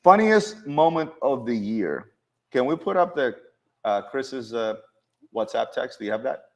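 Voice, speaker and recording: A male show host leads a relaxed office chat with coworkers, spinning lively stories and frequently starting his sentences over. His voice sits in the mid-range and he takes his time.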